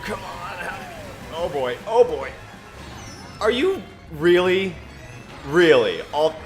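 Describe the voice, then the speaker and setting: A man streaming a racing game who reads scripture in a solemn, drawn-out way between bursts of game commentary. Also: fairly high pitch, fairly bright tone. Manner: slow, drawn-out mock-biblical delivery. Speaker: gaming streamer.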